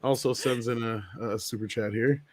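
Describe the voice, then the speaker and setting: A man's voice: medium pitch, fairly even intonation, moderate pace. A man co-hosting a podcast, reading out viewer donations with jokes. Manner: jokey, reads donations. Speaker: podcast co-host. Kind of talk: casual chat.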